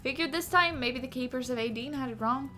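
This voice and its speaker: A woman's voice: fairly high pitch, moderate pace, bright, forceful tone, faint music behind. A woman voicing an older male sea captain with a put-on accent, telling a story and stumbling over long words. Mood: reminiscing.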